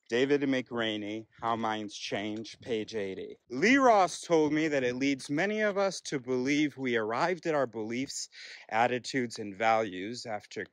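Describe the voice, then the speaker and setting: A man walks through a list of terms, reading each definition and example in a dry, matter-of-fact voice. His pitch sits in the middle range. The recording is close and dry, with no room sound. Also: no echo, low-quality recording. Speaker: vocabulary explainer.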